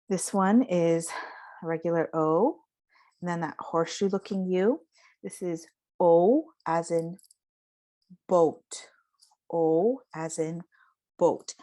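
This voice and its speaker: A woman giving a phonetics lesson, slowly modeling vowel sounds and example words. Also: on the low side, a little mellow. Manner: slow, careful, modeling sounds. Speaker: teacher.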